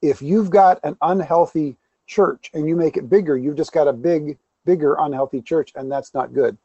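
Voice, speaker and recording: A pastor talks candidly in an interview, poking fun at himself and acting out little quoted scenes. His voice sits a bit high but is warm and relaxed. The sound is dry and dull. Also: normal speed, dry recording. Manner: candid, self-deprecating, storytelling with quoted asides. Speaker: pastor, guest. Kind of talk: conversational interview.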